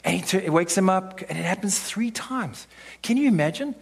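A man delivering a sermon from the pulpit in a slightly husky, breathy voice. He preaches with emphasis, pressing his points home with rhetorical questions and quick asides. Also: high voice. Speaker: pastor.

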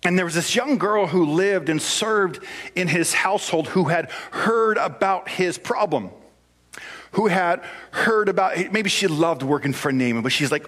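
A male preacher tells a scripture story in a playful, conversational way, with asides and jokes along the way. His voice sits a little on the high side. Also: measured pace, a bit bright. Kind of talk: sermon.

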